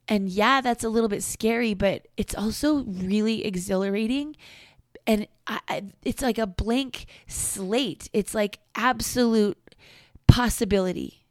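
A woman's voice: medium pitch, no echo, clean studio sound. A middle-aged woman in a candid, reflective personal monologue, often repeating phrases for emphasis.

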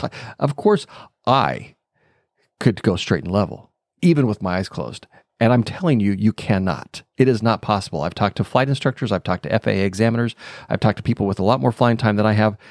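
A man's voice: on the low side, darkish tone, no echo, studio quality. A middle-aged man hosting a podcast, telling a personal story in an unscripted, thinking-aloud way, with fillers and small chuckles. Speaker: podcast host. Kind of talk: reflective storytelling monologue.

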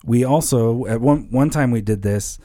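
A man talking casually on a church podcast, explaining how songs are written, lively and full of examples. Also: mid-range voice, normal speed, no room sound, clean studio sound. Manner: animated, explains with examples and rhythms. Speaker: church songwriting guest.

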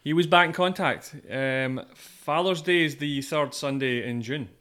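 A man's voice: a little high, measured pace, a bit bright. A man co-hosting a casual golf podcast, teasing his co-host with wry jabs and moving the show along. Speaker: podcast co-host and quiz contestant.

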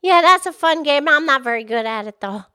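A woman's voice: lively intonation, fairly quick, bright, forceful tone. A woman voicing a cheerful cartoonish pig who hosts a children's podcast, bubbly and enthusiastic. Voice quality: very high squeaky put-on voice. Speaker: host. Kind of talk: kids' podcast character play.

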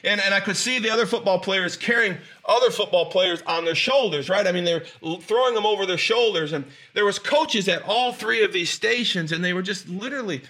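A man's voice: high voice, fairly quick, few pauses, bright, forceful tone. A man telling stories in an inspirational speech, emphatic and drawing out key phrases, with frequent restarts. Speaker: motivational speaker.

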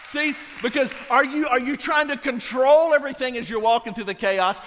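A man from Louisiana preaching a sermon, emphatic, swinging between loud declarations and hushed lines. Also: extremely high pitch. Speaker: pastor. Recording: long reverb of a large hall.

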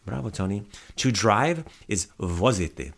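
Low-voiced man drilling vocabulary. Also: expressive, a little slow, vocal fry, a bit bright. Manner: patient, repeats words for the listener to echo. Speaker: podcast host teaching Croatian vocabulary. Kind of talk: casual language lesson.

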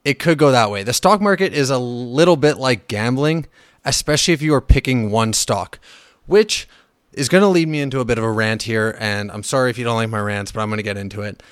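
A man's voice: mid-range voice, fairly quick, clean tone, no room sound, studio quality. A man hosting a casual solo finance podcast, blunt and profane, ranting with fillers and restarts. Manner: animated when riled, with fillers and restarts. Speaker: podcast host.

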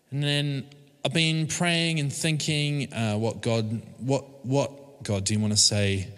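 A man's voice: medium pitch, steady tone, slow pace, a bit bright, clear, resonant tone. A man from a church team giving an informal sermon, casual and hesitant, full of fillers and restarts. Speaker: church team member preaching. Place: church service room. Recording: long reverb of a church hall.

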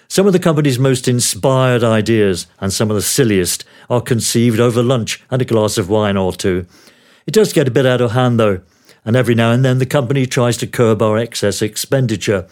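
An older man from Australia reads his memoir as a relaxed narration, voice sitting at an ordinary middle pitch. His delivery is wry and dryly funny, a former news producer looking back on his career. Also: a little fast. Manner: wry, dryly humorous storytelling. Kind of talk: memoir read aloud as narration.

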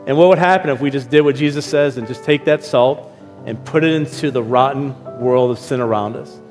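A middle-aged man preaching a sermon as a pastor, telling stories and acting out his own lines in lively asides. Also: medium pitch, a little fast. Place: church hall. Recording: reverberant hall with faint music.

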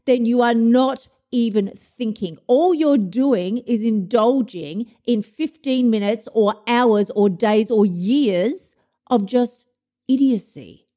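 A woman's voice: a little high, dark tone. A woman hosting a podcast as an emotional eating coach, giving a blunt, profane, fired-up tough-love pep talk. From Australia. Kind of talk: motivational podcast monologue.

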